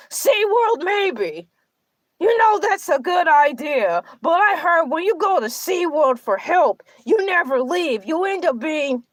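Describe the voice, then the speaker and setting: A woman's voice: very high voice, fairly bright tone, dry recording, full character voice. A woman voicing a boastful, self-pitying male shark who hosts a comedic livestream and rambles through melodramatic complaints. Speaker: livestream show host in character. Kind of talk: comedic character livestream monologue.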